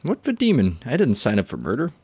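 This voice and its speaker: A man's voice: medium pitch, wildly swooping pitch, fast talker, darkish tone, husky, dry recording, pitched above the performer's own voice. A man reading out the lines of a guarded warrior from a video game. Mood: defensive. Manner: reading game dialogue aloud.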